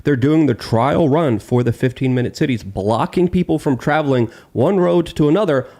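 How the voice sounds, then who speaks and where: A man's voice: mid-range voice, normal speed, dark tone. A man on a political talk show panel, ranting heatedly in long run-on lists.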